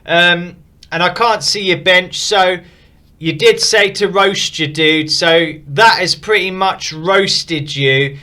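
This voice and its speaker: A man's voice: high-pitched, takes it slowly, pushed and bright. A man casually reviewing and rating viewers' fantasy football teams, frank and opinionated but upbeat. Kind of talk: casual commentary.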